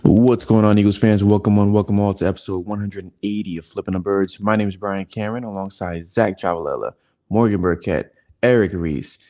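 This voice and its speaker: Male podcast host, very low voice, relaxed, laughs easily. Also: brisk. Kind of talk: casual sports podcast chat.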